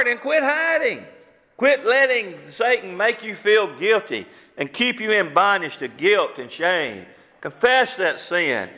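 A male preacher delivers a fervent sermon, hammering the same rhetorical questions over and over. His high, bright voice rings through a church sanctuary, trailed by a long, lingering reverb.

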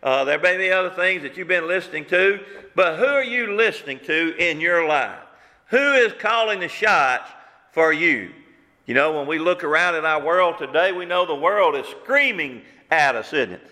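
A male preacher delivers a fervent sermon, pressing the same rhetorical questions again and again. His voice sits high and bright, ringing through a church sanctuary with a long, hanging reverb. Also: animated, moderate pace.

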